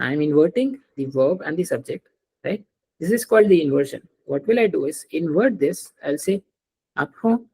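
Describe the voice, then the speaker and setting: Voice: medium pitch, creaky, mellow, husky, poor audio. A French teacher gives a live lesson. The teacher explains step by step, repeats each example and often checks that the student understands. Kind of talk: live online language lesson.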